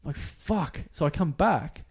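A man's voice: mid-range voice, lively intonation, a little fast, a little mellow. A man, co-hosting a podcast and telling a rambling anecdote in casual chat, acting out bits of dialogue. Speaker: podcast co-host.

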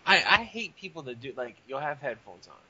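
Male podcast co-host, sharp and husky, quick with profane jokes; dull lo-fi mic. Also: medium pitch, very animated, dry recording. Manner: wisecracking, profane banter. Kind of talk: casual chat.

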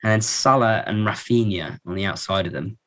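A man's voice: fairly low pitch, brisk, fairly bright tone. A man co-hosting a podcast, chatting casually about football in a rambling way, full of fillers and restarts. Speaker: podcast co-host.

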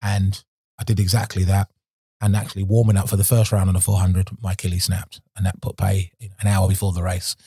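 A man's voice: low voice, level tone, brisk, dark tone, husky, dry recording, studio quality. A middle-aged man, a former Olympic sprinter, telling his story frankly in an interview and rambling with restarts and fillers.

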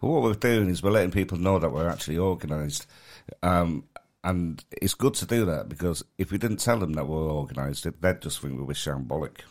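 A Mancunian man with a very deep, low voice chats casually as a podcast co-host and comedy promoter. He sounds tired and rambles, often restarting sentences. He talks fairly quickly with few pauses.

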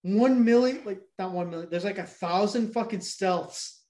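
A man's voice: high-pitched, moderate pace, a little mellow, echoey room. A man retelling a movie in casual chat, rambling, swearing freely and doubling back on himself. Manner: rambling, profane, jumps back and forth. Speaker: podcast co-host recapping a movie.

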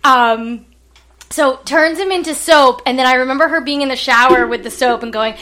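A woman co-hosting a podcast, telling stories in an animated, joking way. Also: high-pitched, normal speed. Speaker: podcast co-host. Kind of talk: casual chat.

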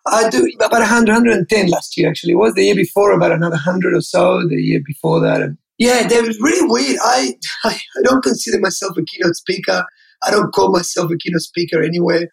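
A man's voice: high voice, creaky, slightly rough, poor audio. A man, a guest in an interview, telling stories with enthusiasm and acting out the dialogue. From Australia. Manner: enthusiastic, fast, acts out dialogue. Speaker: interview guest, keynote speaker. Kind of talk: animated storytelling.

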